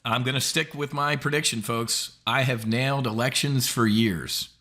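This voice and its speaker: A man's voice: medium pitch, normal speed, sharp tone. A man hosting an options trading show, giving blunt, indignant market commentary with emphatic outbursts.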